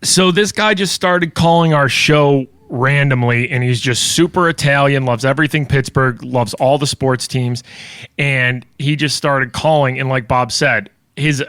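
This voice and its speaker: A man who co-hosts a morning radio show, telling stories as a podcast guest, animated and laughing often. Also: mid-range voice, measured pace, smooth, no room sound. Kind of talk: casual podcast conversation. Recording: dry studio sound.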